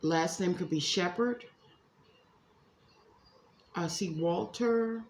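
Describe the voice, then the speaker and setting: A woman's voice: lowish voice, slow. A woman giving a casual tarot reading to her viewers, chatty and emphatic, calling them y'all. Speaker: psychic tarot reader. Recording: echoey room, faint ambience.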